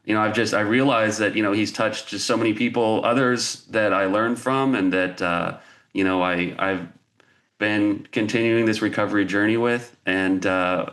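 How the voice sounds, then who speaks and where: A man hosting a podcast, introducing guests in an unhurried, hesitant way. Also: lowish voice, fairly even intonation, a bit bright. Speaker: podcast host.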